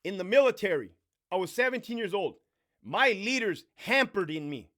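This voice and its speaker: Profane, animated man ranting a story. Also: normal speed. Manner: profane, animated, swings between loud bursts and low mutters. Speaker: vlogger telling a story. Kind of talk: casual storytime rant.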